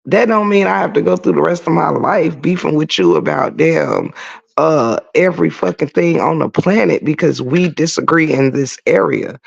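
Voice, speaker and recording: Over dull lo-fi stream audio, a man with a creaky, husky voice on the high side speaks at a moderate pace. He runs a casual livestream, reading chat messages and ranting in a blunt, profane way, shouting as he laughs.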